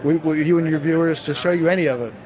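Man, product demo, rapid delivery, somewhat high voice, hoarse from losing his voice. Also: steady tone, a little mellow. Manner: enthusiastic, fast product pitch. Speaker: brand marketing manager. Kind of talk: product demo at a trade show. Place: trade show floor.

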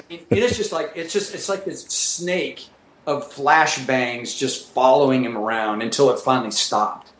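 A man telling profane, animated war stories as a former military pilot, acting out what people said. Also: mid-range voice, moderate pace. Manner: profane, animated, acts out quotes. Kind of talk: casual storytelling chat. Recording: echoey room with faint noise.

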